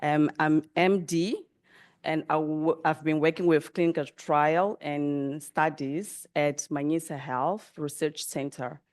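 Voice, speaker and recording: Woman from mozambique, low voice, slow and a bit hesitant intro. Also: fairly even intonation, darkish tone. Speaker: clinical researcher. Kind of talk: self-introduction at a course.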